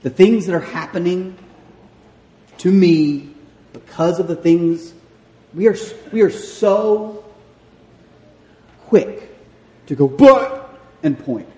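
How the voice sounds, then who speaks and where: A young man with a Southern American accent, preaching a sermon in a church and telling stories about himself with a lively, self-mocking delivery. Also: high voice, takes it slowly, pauses often. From Southern United States. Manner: animated storyteller, self-mocking, acts out voices. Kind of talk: sermon with personal story. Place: church sanctuary. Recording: echoey hall with long reverb.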